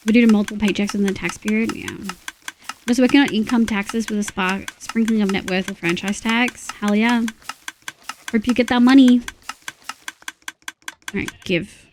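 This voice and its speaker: A woman's voice: mid-range voice, normal speed, long pauses, noisy background. A woman with an Australian accent streaming a game, grumbling and swearing freely while chatting to her viewers. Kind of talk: casual game stream chat.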